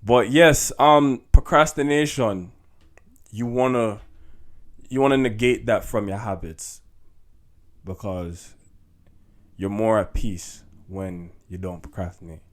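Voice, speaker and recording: A young man, hosting a podcast as a casual, chatty monologue. He laughs often and peppers his talk with "yo" and "like". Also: lowish voice. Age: young adult. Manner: laid-back, chatty, laughs often, says "yo" and "like". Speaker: podcast host.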